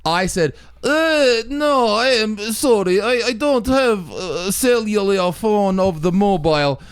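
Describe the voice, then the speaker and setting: A man putting on a high, halting, clueless foreign visitor. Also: expressive, fairly bright tone, clear, resonant tone, dry recording. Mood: mock innocent. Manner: broken English, halting, naive.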